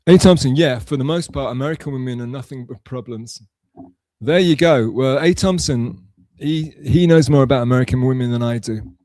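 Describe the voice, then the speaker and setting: Man, live streamer, rambling, sarcastic, mellow voice, dry close sound. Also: medium pitch, normal speed, dry recording. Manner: rambling, sarcastic, restarts and mumbles. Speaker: streamer reading chat. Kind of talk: casual live-stream chat.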